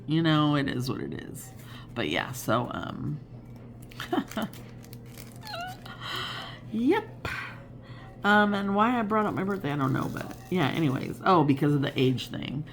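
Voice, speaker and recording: A woman's voice: low voice, vocal fry. A woman in her fifties hosting a casual crafting chat, rambling and chatty and laughing often. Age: 50s. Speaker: crafting channel host.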